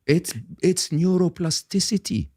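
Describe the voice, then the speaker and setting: An older man, a guest on an interview podcast, explaining ideas in an animated, emphatic way and often checking in with "okay?". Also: high voice, measured pace, no echo, studio quality.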